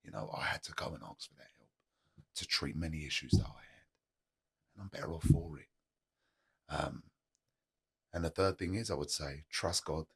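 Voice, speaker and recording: A man with a very low, gravelly, husky voice talks candidly as a podcast guest. He is earnest and motivational, repeats his key lines for weight, and has a rough grain underneath. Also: normal speed, pauses often, fairly bright tone. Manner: earnest and motivational, plain-spoken, uses repetition. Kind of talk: candid conversational storytelling.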